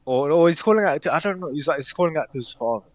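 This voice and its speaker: A man's voice: a little high, lively intonation, very fast, no echo. Hesitant man chatting, dry close mic. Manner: hesitant, many fillers and restarts, laughs often. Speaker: podcast co-host. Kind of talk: casual chat.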